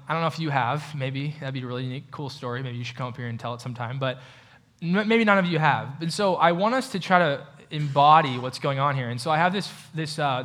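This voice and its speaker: Male preacher, slightly raised pitch, conversational sermon delivery with questions to the audience. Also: fairly bright tone. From United States. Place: church hall with a projector.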